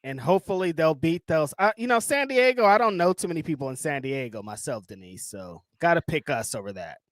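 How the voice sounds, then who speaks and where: A man's voice: on the high side, big pitch swings, brisk, a bit bright, no room sound. A man from Oakland co-hosting a wrestling watchalong, joking animatedly and swearing a lot. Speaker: co-host of a wrestling watchalong stream. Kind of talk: casual chat.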